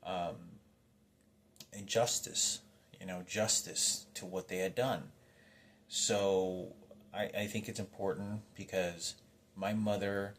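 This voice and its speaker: A man with a fairly low voice tells a personal story in a loose, rambling monologue. He trips over his words, restarts his sentences and swears often, and the emotion stays close to the surface. A faint room ambience sits behind him. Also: slight background noise. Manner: agitated, rambling, heavy swearing.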